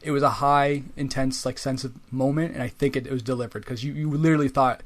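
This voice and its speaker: A man's voice: mid-range voice, fairly even intonation, fast talker, hardly any pauses. A man co-hosting a podcast, talking reflectively and often restarting his phrases. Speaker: podcast co-host. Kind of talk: casual chat about a video game.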